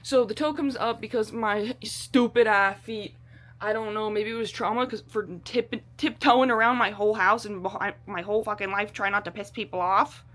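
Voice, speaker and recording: A woman's voice: medium pitch, steady tone, moderate pace, fairly bright tone. A woman vlogging in a casual, rambling way, bubbly and self-deprecating, swearing freely and using a lot of slang. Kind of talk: casual chatty vlog.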